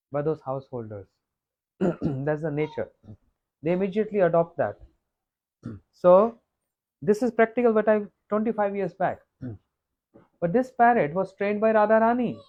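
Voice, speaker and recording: Man, sermon storytelling, clears throat often, muffled lo-fi recording. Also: high-pitched, very animated. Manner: unhurried, repeats phrases, clears throat often. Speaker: monk giving a scripture talk.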